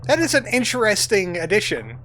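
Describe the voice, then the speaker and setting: Male let's-play host, jokey running commentary, pitched a bit high, over game music. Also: huge pitch swings, a little fast. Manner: chatty, jokey, reads game dialogue aloud. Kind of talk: casual gameplay commentary.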